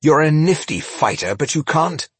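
A man's voice: on the high side, big pitch swings, normal speed, husky, no echo, voice pushed up, full character voice. A man playing a brash theatrical impresario. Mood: taunting. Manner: showy, brash. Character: boastful theatrical male impresario, jokey. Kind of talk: audiobook character voice.

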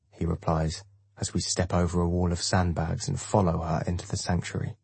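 A man reading a first-person audiobook in a measured, even way. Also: sits low, vocal fry, slightly rough, no echo. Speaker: audiobook narrator.

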